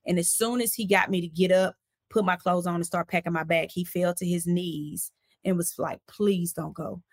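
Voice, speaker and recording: A woman, an interview guest, recounting a personal story in a casual, animated way and acting out the voices of the people in it. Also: on the low side, normal speed. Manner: animated, acts out quoted voices while recounting events; casual, conversational phrasing.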